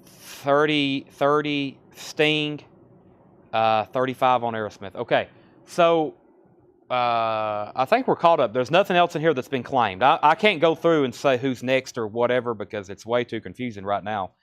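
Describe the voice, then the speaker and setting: Brisk Southern man selling records. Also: medium pitch, expressive, fairly bright tone, clear, resonant tone. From Tennessee. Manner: brisk auctioneer-like listing of prices and buyers. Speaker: live record sale host. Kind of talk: live-stream sales patter.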